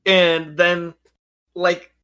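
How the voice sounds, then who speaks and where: A man co-hosting a podcast, talking casually and excitedly about an anime with lots of "yo" and "like". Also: sits high, extremely slow, smooth. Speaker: podcast co-host.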